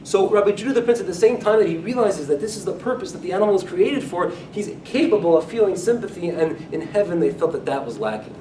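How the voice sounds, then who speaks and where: A man's voice: lively intonation, fast, few pauses, warm tone. A man teaching a Talmud class as a rabbi, talking in a conversational way and often repeating or restarting his phrases. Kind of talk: lecture-style Talmud class. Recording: echoey room, speaker far from mic, faint rumble.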